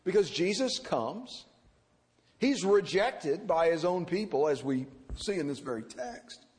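A man preaching an expository sermon, animated and acting out the people he quotes. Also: high voice, measured pace. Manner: animated, acts out quoted characters. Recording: reverberant hall.

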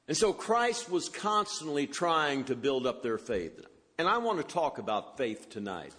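A man's voice: medium pitch, a bit bright. A man preaching an expository sermon, quoting scripture and lifting his voice for emphasis on the quoted words. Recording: long hall reverb.

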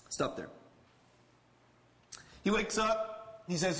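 Guy pastor giving a sermon, kinda higher voice, chatty but earnest, long echo off the hall. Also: animated, a little slow. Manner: conversational and earnest, with casual asides.

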